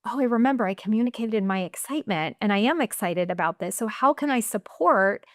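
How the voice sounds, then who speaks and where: A woman speaks with a smooth, resonant voice, recorded close and dry. She talks casually as a coach, throwing in "right?" and voicing her own thoughts aloud. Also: medium pitch, lively intonation, fairly quick, no room sound. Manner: chatty, tags "right?", acts out her inner voice. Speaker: executive coach guest. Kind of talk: casual interview chat.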